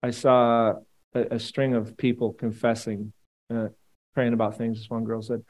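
A man preaching a sermon in a relaxed, conversational way. His voice sits at an ordinary middle pitch, and he moves between quiet earnest stretches and lively, joking asides aimed at his listeners. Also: moderate pace, rough recording. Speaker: pastor.

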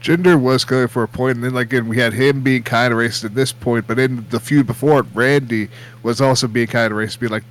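A man's voice: medium pitch, steady tone, fast. A man co-hosting a casual podcast chat, blunt and opinionated. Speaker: podcast co-host.

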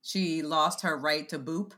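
A woman with a somewhat low voice chats casually as a podcast co-host. She tells stories with a wry edge and often laughs while she talks. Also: steady tone, a little slow, sharp tone. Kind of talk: casual chat.

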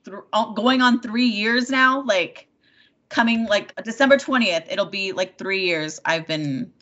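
A woman in her thirties in casual chat, telling a dating story in a rambling, animated way, full of "like" and swearing. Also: medium pitch, measured pace. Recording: dull lo-fi sound.

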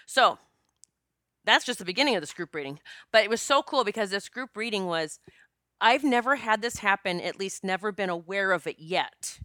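A woman speaking as a psychic medium, telling a personal story in an emotional, animated way with many fillers and some swearing. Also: medium pitch, normal speed, dry recording, clean studio sound. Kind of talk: casual storytelling monologue.

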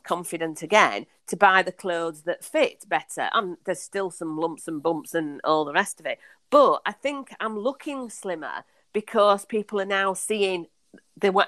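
A woman's voice: lowish voice, pushed and bright, no echo. A woman, a podcast guest, talking chattily and enthusiastically with many fillers and restarts. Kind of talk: casual conversational storytelling.

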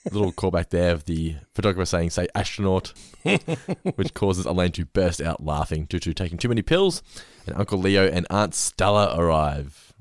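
A man's voice: low voice, moderate pace, no echo. A man co-hosting a podcast, recapping scenes casually and laughing as he quotes lines. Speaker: podcast co-host. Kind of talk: casual chat.

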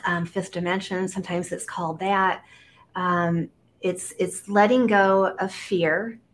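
A woman from Iowa, a guest on an interview show, talking casually with many fillers and animated storytelling. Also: lowish voice, unhurried, slight background noise. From Iowa, United States.

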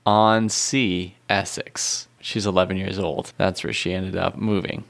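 A playful man co-hosting a relaxed podcast conversation, teasing his partner and laughing easily. His voice sits on the lower side. He talks in an easy, conversational way. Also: a little slow, gravelly. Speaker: podcast co-host. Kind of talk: casual chat.

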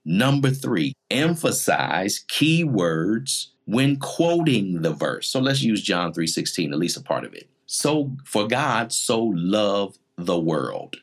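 A man's voice: lowish voice, sing-song, takes it slowly, hardly any pauses. A man in his forties preaching a teaching sermon in numbered points, emphatic and repetitive. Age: 40s.

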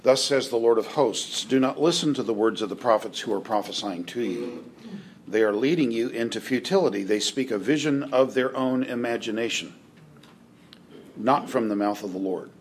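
A man teaching a Bible class in a halting way, with restarts and dry joking asides. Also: mid-range voice, a little hiss or hum.

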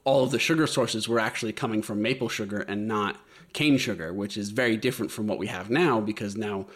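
A man's voice: fairly low pitch, brisk, slightly rough. A man presenting a history topic in a casual podcast chat, explaining with many hesitant fillers.

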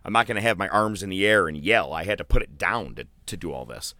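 Casting: low-voiced man, profane storyteller, dry close sound. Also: quick pace, no echo. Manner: profane, animated, acts out quotes. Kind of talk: casual storytelling rant.

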